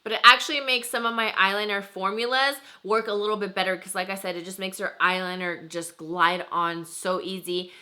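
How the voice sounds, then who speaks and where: A young woman talks through her favorite makeup in a bright, clear voice. She is chatty and enthusiastic, peppering her talk with "like" and casual emphasis. Her pitch sits mid-range for a woman. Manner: chatty and enthusiastic, lots of "like" and "freaking". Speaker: beauty vlogger. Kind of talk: casual product review to camera.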